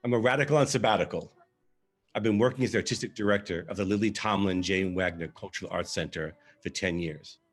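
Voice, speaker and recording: A man's voice: sits low, quick pace, faint music behind, lightly acted. A man reading a candid, wry first-person monologue for a verbatim theatre reading, as a male arts director telling his story.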